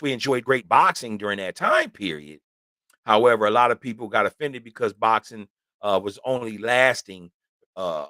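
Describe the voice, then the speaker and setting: A man's voice: on the low side, fairly bright tone, no echo, clean studio sound. A middle-aged man hosting a casual sports talk show, chatting loosely and keeps asking "you know what I'm saying". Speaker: host.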